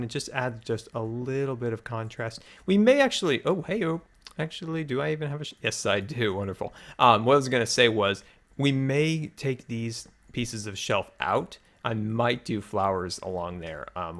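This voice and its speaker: A man's voice: mid-range voice, a bit bright. Upbeat man narrating a building game. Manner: upbeat, chatty, thinking aloud. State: a little out of breath. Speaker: host. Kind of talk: Minecraft let's play commentary.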